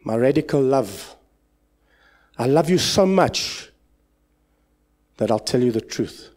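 Here a man with a South African accent preaches in church with great intensity, swinging from loud exclamations to subdued asides. His style is expressive and his pace slow.

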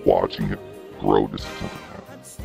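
A man talking casually in a group voice call through a deep voice-changer filter, drawling and mock-deliberating. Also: flat delivery, moderate pace, gravelly, over music. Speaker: podcast co-host.

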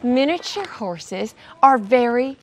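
Brief: bubbly high-voiced woman host, goofy kids' show chatter. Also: lively intonation, takes it slowly. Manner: goofy, chatty, talks to the animals. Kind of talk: playful educational kids' vlog. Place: outdoor animal sanctuary.

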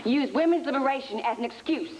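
A woman's voice: sits high, animated, fast talker, a little hiss or hum. An actress playing an exasperated woman designer who complains. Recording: echoey sitcom clip with studio audience.

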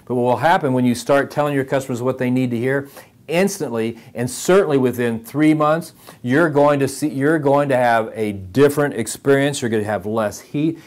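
A man's voice: medium pitch, darkish tone. A man hosting a motivational podcast for service advisors, talking in a direct, emphatic way and repeating phrases for emphasis.

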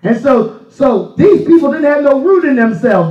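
A male pastor delivering a folksy sermon that swells into shouted emphasis in a church sanctuary. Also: very high-pitched, sing-song, a little slow, hardly any pauses. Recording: echoey, distant, dull church recording.

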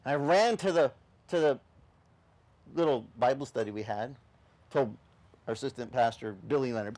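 A man's voice: moderate pace, pauses often. A male pastor telling a personal story in a sermon, acting out the voices in it. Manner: animated storyteller, acting out voices with big pitch swings. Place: beach service outdoors.

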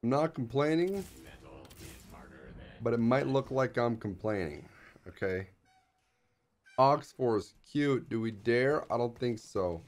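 Animated young man commentating his gameplay. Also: slow pace, pauses often. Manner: hyped, slangy, jumps into high squeals when excited. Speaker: gaming streamer.

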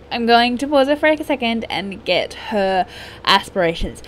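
Against a noisy background, a young gaming YouTuber with a fairly high, animated voice comments casually on her life-sim gameplay at a moderate pace. She keeps playfully scolding the characters.

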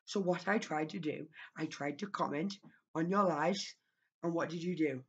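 A woman's voice: sits low, normal speed, slightly rough, muffled recording. A woman YouTuber talking straight to camera in a rambling, scolding vlog rant, recorded at home on her own microphone.

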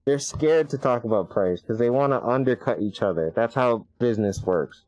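A man streaming his live reaction to a game event, chatty and excitable and laughing often. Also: mid-range voice, moderate pace, rough recording.

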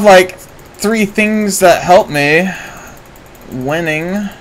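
A man giving live commentary while streaming a game, excitable and prone to swearing and sudden shouts. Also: high-pitched, very slow, pauses often, low-quality recording.

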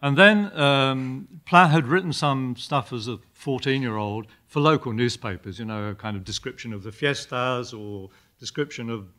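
Halting older male lecturer. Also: mid-range voice, bright, forceful tone. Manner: halting, repeats words, many fillers. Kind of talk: university lecture with read passages.

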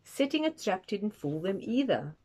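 A woman reading a children's picture book aloud, expressive and adding asides for young listeners. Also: medium pitch, moderate pace. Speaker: storytime reader.

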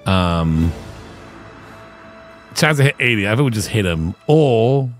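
A man streaming a tabletop-style game, talking in a slow, unhurried way with a lively, bouncing pitch. He rambles and hedges through his choices, full of filler words, with faint game music underneath. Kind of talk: casual gameplay commentary.

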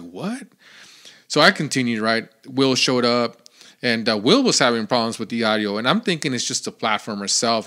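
A man hosting his own podcast, telling a story in a chatty, animated way with lots of fillers. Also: mid-range voice. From Phoenix, Arizona area. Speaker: podcast host. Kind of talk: casual solo podcast storytelling.

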